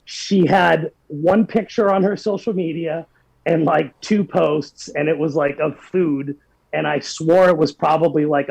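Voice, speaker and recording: A man in his forties telling his own story as a podcast guest, earnest and heartfelt, with a gravelly voice. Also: fairly high pitch, no echo, poor audio. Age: 40s. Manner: earnest, heartfelt, many restarts. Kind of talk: personal storytelling.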